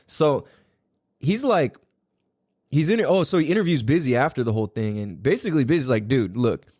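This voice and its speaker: A man hosting a podcast in casual chat, swearing freely and jumping up into a higher voice to act out what others said. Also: normal speed, no echo, studio quality. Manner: animated, swears a lot, acts out quotes in a higher voice. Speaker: podcast host.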